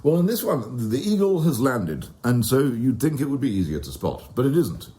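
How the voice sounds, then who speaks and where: A man co-hosting a podcast in casual chat, with a dry, deadpan delivery. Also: medium pitch, moderate pace. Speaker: podcast co-host.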